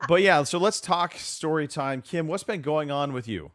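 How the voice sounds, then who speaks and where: A man's voice: a little high, normal speed, fairly bright tone. A man hosting a casual live podcast, joking around and drifting off on tangents. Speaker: podcast host. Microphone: remote call setup.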